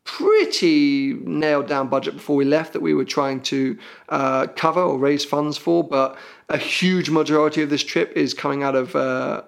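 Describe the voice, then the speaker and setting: Gravelly-voiced British man, chatty host. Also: a little high, moderate pace. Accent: British English. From Britain. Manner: rambling, self-deprecating, lots of ums and uhs. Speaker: podcast host. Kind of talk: casual podcast chat.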